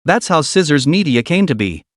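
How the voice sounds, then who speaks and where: A man narrating a dramatic comic story in a scripted, expressive style. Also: fairly high pitch, normal speed, no echo, clean studio sound.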